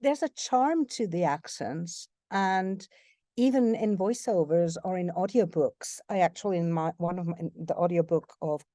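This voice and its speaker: A woman guest, a voiceover narrator, talking casually in an interview with lively, playful delivery. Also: fairly low pitch, moderate pace, no echo, studio quality. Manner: animated, playful, switches into accents mid-sentence.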